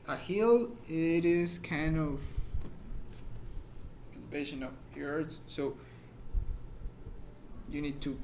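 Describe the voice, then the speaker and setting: Man, high voice, informal English teacher, patient repeated examples, slight hiss. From Mexico. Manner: explains slowly with repeated examples, searches for words. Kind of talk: informal grammar lesson.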